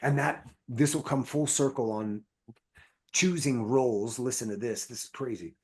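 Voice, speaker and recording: A man with a husky, slightly rough voice of middling pitch tells stories as a podcast guest. He rambles and swears freely as he builds each anecdote. His delivery is loose and conversational. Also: normal speed. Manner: profane, rambling, animated anecdotes. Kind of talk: casual storytelling chat.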